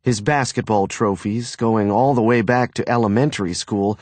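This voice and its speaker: A man narrating an audiobook in an expressive storytelling manner. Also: on the low side, moderate pace, no echo.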